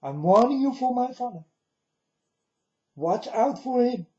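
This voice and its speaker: A man's voice: very high voice, lively intonation, measured pace, darkish tone. A man speaking to his viewers in a solemn monologue, delivering warnings and often calling them "folks". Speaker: video blogger. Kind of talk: monologue to camera. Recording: dull lo-fi recording.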